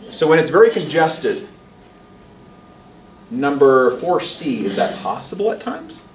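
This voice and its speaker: A man lecturing a college class, his voice rising and falling a lot as he acts out little examples. He sits a bit higher than most men. The sound is roomy and a little distant, with a faint hiss behind him. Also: measured pace. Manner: reads items from a list then explains with lively acted-out examples. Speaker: college instructor. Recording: echoey room, mic at a distance, faint background noise.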